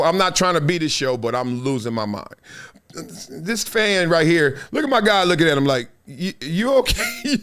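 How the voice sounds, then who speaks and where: A male show host giving animated, slangy reaction commentary, laughing and mimicking the people in the clips. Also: high voice.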